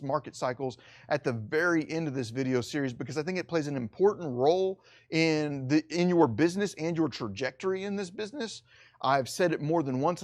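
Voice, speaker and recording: In a recorded real estate lesson, a middle-aged man whose voice sits on the high side walks through the material step by step. He slows down whenever he wants to emphasize something important.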